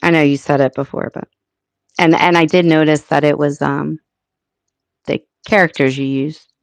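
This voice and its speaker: An American woman hosting a casual live chat with her viewers, thinking aloud and filling pauses as she works things out. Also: low voice, flat delivery, gravelly, dry recording. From United States. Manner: chatty, thinking aloud with many fillers. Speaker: livestream host.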